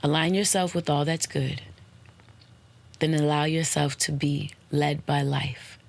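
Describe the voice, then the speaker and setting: Unhurried and level in tone, a creaky-voiced woman hosts her own podcast with playful, slangy motivational talk. She breaks into swooping high exclamations and spells out web addresses letter by letter.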